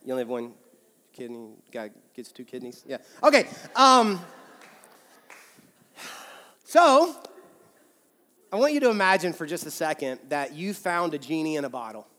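Pastor preaching, jokey and chatty, repeats stuff for emphasis, fairly high voice, big echoey church. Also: male voice, very animated, brisk, bright, forceful tone. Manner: humorous, conversational, repeats phrases for emphasis. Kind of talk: sermon. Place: large church.

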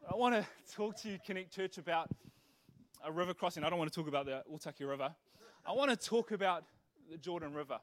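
A young man preaching a sermon, telling a funny story with animated energy before turning earnest. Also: sits high, quick pace. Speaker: pastor.

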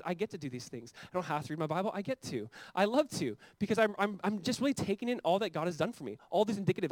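A man's voice: sits high, no room sound. A man preaching a sermon as pastor, talking conversationally and building to fervent emphasis.

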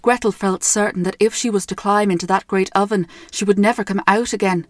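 A young Irish woman narrating a storybook tale in a gentle, measured way. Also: medium pitch, fairly even intonation, no echo.

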